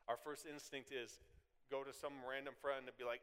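A man's voice: mid-range voice, fairly even intonation, a little fast, sharp tone, clear, resonant tone. A man preaching a sermon in a chatty, conversational way, wandering into side tangents. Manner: conversational, goes off on side tangents with laughing asides. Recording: long hall reverb.

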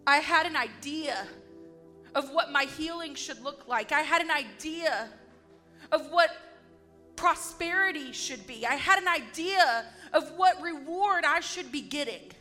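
Woman, devotional testimony, earnest and emphatic, unhurried delivery, soft music behind. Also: high voice, lively intonation. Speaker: speaker giving a testimony.

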